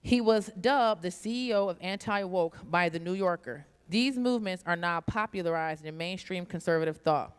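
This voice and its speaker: Clear-voiced woman reading an introduction. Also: lowish voice. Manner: measured, reads from notes. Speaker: party chairwoman introducing a speaker. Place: large conference hall. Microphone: stage microphone. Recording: long hall reverb.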